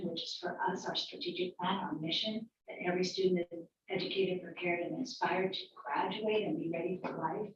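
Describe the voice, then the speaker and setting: A woman's voice: on the low side, fairly even intonation, moderate pace, recorded from a distance, slight background noise. A middle-aged woman presenting to a school board at a workshop, explaining plans with fillers and repetition. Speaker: school district superintendent. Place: meeting room. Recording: echoey dull room audio from afar.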